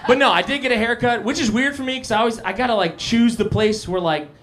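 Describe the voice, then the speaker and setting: High-voiced young man doing stand-up. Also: quick pace, a bit bright. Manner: casual, self-deprecating banter with the crowd. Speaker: stand-up comedian. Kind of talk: live stand-up set. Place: live comedy cafe stage.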